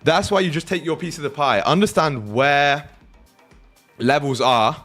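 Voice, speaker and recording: Chatting with viewers on his live trading stream, a young British man jokes around, swears without restraint and laughs often. His slightly high, somewhat bright voice moves at an unhurried pace over soft background music.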